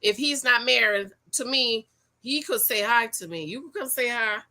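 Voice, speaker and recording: Bright-voiced woman hosting a chatty livestream. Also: fairly high pitch, moderate pace. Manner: animated, repeats phrases, uses slang. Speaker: livestream host and dating coach. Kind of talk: casual livestream chat reading comments.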